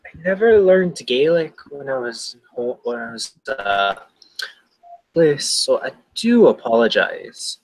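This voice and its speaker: A bubbly, talkative young woman with an Irish lilt, as a man puts her on for a tabletop game. The voice stays husky and a little breathy. She is polite and eager to talk with strangers. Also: medium pitch, sing-song, takes it slowly, rough recording. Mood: friendly. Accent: put-on Irish. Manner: friendly, talkative. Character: cheerful chatty young red-haired woman.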